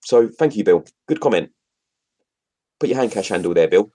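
Low husky man chatting. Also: lively intonation, normal speed, mellow. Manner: chatty, addresses viewers directly, laughs often. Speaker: co-host reading chat comments. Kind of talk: casual livestream chat.

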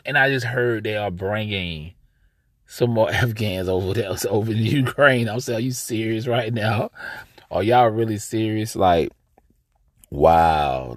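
Speaking in a mid-range voice, a young adult American man with an African American English accent hosts a casual podcast monologue outdoors. He's conversational and emphatic, talking right to his listeners as "y'all." The sound is clean and studio-like, without echo.

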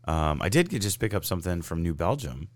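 Deep-voiced guy w a stuffy head cold ranting on a podcast, sarcastic, swears a lot, dry close mic. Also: big pitch swings, a little fast, dry recording. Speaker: podcast host. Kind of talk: casual chat.

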